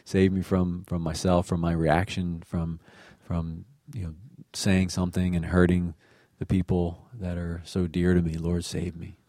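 A man talks casually about a scripture passage, often restarting and repeating phrases. His voice is very low and mellow, and the recording is close and dry. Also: level tone, unhurried, dry recording. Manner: warm, rambling, many restarts. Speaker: reflection participant. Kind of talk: casual faith reflection.

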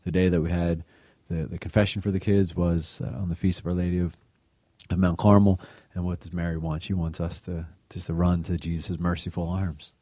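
A man's voice: deep voice, level tone, a little fast, warm tone, no echo. A man sharing a devotional reflection in a conversational way, with many fillers and repeated words. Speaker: co-host of a faith reflection show.

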